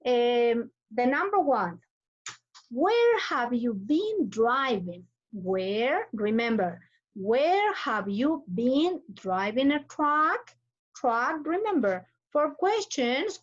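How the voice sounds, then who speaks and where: Ecuadorian lady teacher, spanish is her first language, repeats herself a lot calling on students, dull muffled call audio. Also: sits high. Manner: slow, patient, repeats names and cues. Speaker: English teacher. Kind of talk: online class, calling on students. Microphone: computer mic on a video call.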